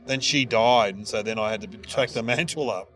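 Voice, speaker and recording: With faint music playing behind him, an Australian podcast host in middle age chats casually for comedy, talking a little fast. He spins stories with animation and slips into high-pitched voices whenever he quotes someone.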